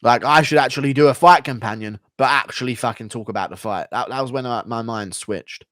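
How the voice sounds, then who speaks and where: A man's voice: medium pitch, brisk, fairly bright tone, dry recording, clean studio sound. A man talking bluntly and swearing freely in a casual live-stream chat, answering viewers.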